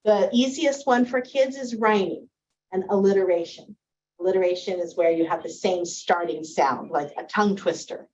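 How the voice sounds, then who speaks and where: A woman's voice: mid-range voice, normal speed, darkish tone, highs cut off. A woman teacher giving a presentation to parents on early reading, explaining with friendly spoken examples.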